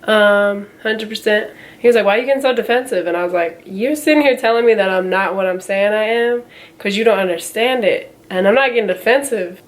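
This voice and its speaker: Speaking briskly in a mid-range, slightly nasal voice, this young vlogger in her twenties tells a chatty story. She fills it with quoted back-and-forth in a casual vlog style.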